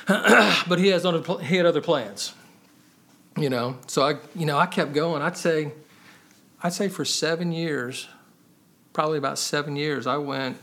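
A man with a somewhat high voice tells his faith story in a casual, heartfelt way. He speaks earnestly and conversationally as a podcast guest, filling his sentences with "man" and "you know.". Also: unhurried, pauses often, fairly bright tone. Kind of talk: casual personal testimony.

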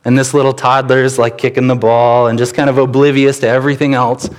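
Pastor guy giving a sermon, mid pitch, gets lively telling stories. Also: quick pace. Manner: animated storytelling with sudden rises in pitch. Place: church.

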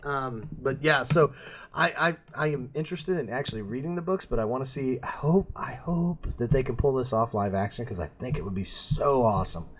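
A man's voice: mid-range voice, brisk, husky. A middle-aged man chatting casually as a podcast co-host, rambling and self-mocking, laughing at his own jokes. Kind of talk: casual chat.

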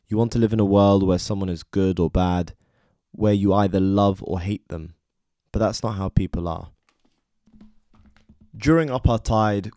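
A man reading scripted biographical narration in a measured way, speaking straight to the listener. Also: fairly low pitch, mellow, no room sound, clean studio sound. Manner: measured, addresses listener directly. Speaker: documentary narrator.

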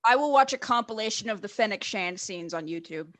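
A woman's voice: medium pitch, animated, fairly quick, crowd noise. A woman co-hosting a podcast, giving blunt opinions in casual chat with giggles. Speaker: podcast co-host.

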